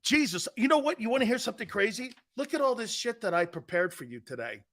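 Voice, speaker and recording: A middle-aged man hosting a sports talk show, brash and quick to laugh, swearing freely as he talks football. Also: very high-pitched, sing-song, a bit bright.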